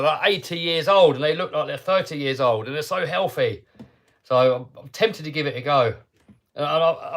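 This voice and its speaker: A man with a somewhat high speaking voice hosts a casual live stream. He talks to his viewers in an upbeat, chatty way, often restarting his sentences as he goes. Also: a bit bright. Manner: chatty and upbeat, with frequent self-interruptions. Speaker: host of a hobby channel livestream.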